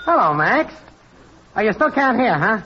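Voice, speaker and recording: A man's voice: sits high, very animated, normal speed, highs cut off, noisy background. An actor playing a brash, cocky male network technician in a 1940s radio comedy.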